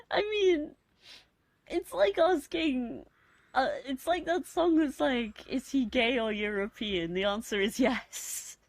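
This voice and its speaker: A woman with a posh British accent and a husky, deepish voice, chatting casually on a late-night stream in a rambling, giggly, self-mocking way. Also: no echo. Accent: posh British English. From Britain. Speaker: live streamer.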